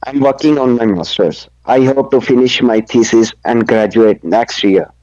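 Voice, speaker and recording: Young man, careful halting speech, muffled call. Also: mid-range voice, darkish tone, no room sound. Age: young adult. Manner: careful, halting reading of practice sentences. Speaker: student.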